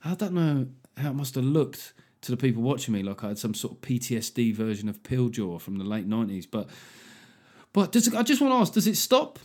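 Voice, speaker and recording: A man's voice: medium pitch, sing-song, fairly quick, a little mellow. A man in his forties hosting a comedy podcast, riffing casually with lots of swearing and self-mockery. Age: 40s.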